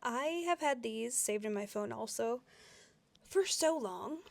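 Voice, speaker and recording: A woman's voice: fairly high pitch, expressive, measured pace, vocal fry, no room sound. A young woman chatting casually through a nail tutorial, giggly and rambling with lots of fillers. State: a bit out of breath.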